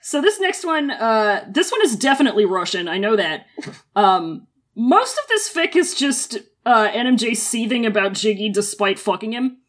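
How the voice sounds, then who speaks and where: A woman's voice: on the high side, sing-song, moderate pace, fairly bright tone. A woman co-hosting a podcast, chatting casually with lots of fillers and laughter. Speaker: podcast co-host. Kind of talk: casual chat.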